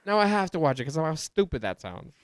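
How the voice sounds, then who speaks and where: A man co-hosting a podcast, chatting casually and getting excited in high bursts. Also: quick pace, clean tone, no echo, clean studio sound. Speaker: podcast co-host. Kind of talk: casual chat about anime and manga.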